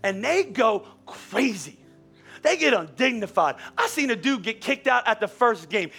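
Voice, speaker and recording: A middle-aged man preaching a sermon as pastor, conversational and animated, at times rising to near-shouts. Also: extremely high pitch, unhurried, husky, soft background music.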